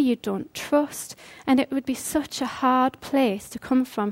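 A woman's voice: high-pitched, darkish tone. Earnest woman preaching. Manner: earnest, conversational with rhetorical questions. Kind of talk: sermon.

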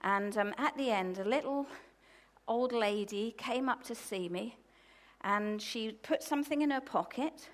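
A woman preaching a sermon from the UK, telling stories in a lively way with loud, emphatic bursts. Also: on the high side, measured pace.

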